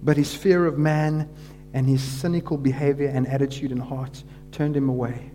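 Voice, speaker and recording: A man preaching a sermon, retelling a story dramatically, his voice rising for the crowd and dropping to a hush for quoted words. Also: medium pitch, little pitch movement, moderate pace, slight background noise.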